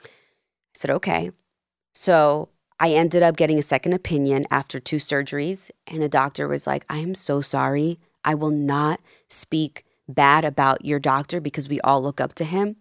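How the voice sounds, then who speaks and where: Woman, 30s, low register, animated storyteller acting out dialogue, dry close sound. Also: normal speed, creaky, dry recording. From Peru and New Jersey. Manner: animated, acts out quoted dialogue. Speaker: podcast guest, life coach. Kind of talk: casual interview storytelling.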